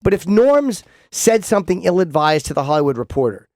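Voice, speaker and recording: A man's voice: high voice, big pitch swings, a little fast, a little mellow, dry recording. A male radio host in casual studio banter, rambling through stammered restarts and swearing freely.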